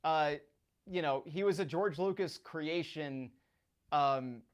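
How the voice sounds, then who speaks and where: A man from South Florida, a guest analyst chatting casually on a radio show, telling animated stories. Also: on the high side, takes it slowly, clean tone. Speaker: sports betting analyst guest. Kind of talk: casual chat.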